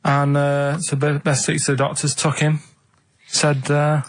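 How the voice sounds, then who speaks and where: An English man, a radio show regular, telling a rambling story in a deadpan way. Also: fairly high pitch, unhurried. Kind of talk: casual comedic radio chat.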